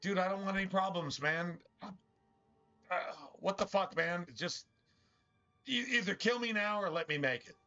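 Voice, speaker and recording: A man's voice: high voice, moderate pace, bright, forceful tone, muffled recording, faint music behind, pitched above the performer's own voice. Man doing a weary, pleading sewer rat. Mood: exasperated. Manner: pleading, exasperated, slangy. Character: weary resigned male sewer rat, small.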